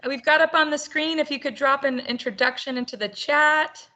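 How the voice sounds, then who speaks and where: A woman's voice: high-pitched, moderate pace, bright, forceful tone. A woman hosting an online roundtable for teachers over a video call, upbeat and chatty with frequent laughter. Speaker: webinar host.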